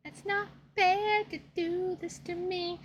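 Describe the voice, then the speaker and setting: A woman's voice: very high-pitched, fairly even intonation, takes it slowly, a little hiss or hum. A woman gaming streamer reacting live to a game, dramatic, whiny and exasperated, swearing a lot.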